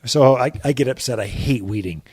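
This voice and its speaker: A man hosting a radio garden show from the studio, jokey and quick to laugh. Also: medium pitch, a little mellow, breathy edge. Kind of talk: casual radio chat.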